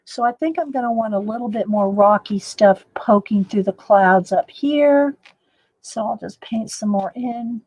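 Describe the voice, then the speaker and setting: A woman's voice: medium pitch, measured pace, darkish tone, dry recording, poor audio. A woman chatting casually to viewers while painting in a live art demo. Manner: chatty, laughs often, talks to viewers.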